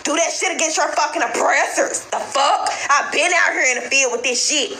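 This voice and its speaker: Woman, casual rant, heated and profane, high voice, bright tone, echoey room. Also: fairly quick, a little hiss or hum. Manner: profane, heated, exasperated, breaks into laughter and shouting.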